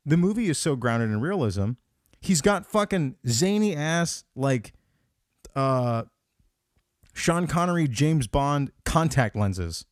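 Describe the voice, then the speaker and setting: A man hosting a comedy podcast, ranting about a film with profanity and playful asides. His pitch swings widely as he acts out what he was thinking. The sound is dry and close. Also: slow, dry recording. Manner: profane, animated, acts out his own thoughts in quotes. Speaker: podcast host. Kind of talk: casual comedic movie rant.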